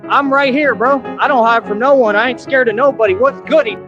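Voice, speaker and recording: A man's voice: very high-pitched, a little fast. A man ranting on his livestream in a defiant, profane, taunting way, playing as a clip. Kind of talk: confrontational livestream rant. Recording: muffled clip with loud music.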